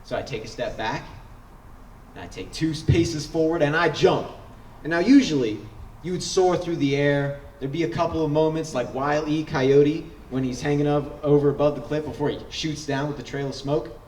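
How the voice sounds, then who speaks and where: A man's voice: fairly high pitch, moderate pace, darkish tone, a little hiss or hum. A man telling a wry, humorous personal story on stage at a story slam, building suspense as he goes. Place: stage in a large hall. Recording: echoey hall, picked up from a distance.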